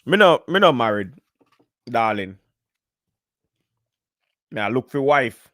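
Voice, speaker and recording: A man's voice: medium pitch, sing-song, slow, a bit bright, no echo, studio quality. A man from Jamaica with a Jamaican accent, chatting casually and jokingly in patois on a live stream. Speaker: podcast guest.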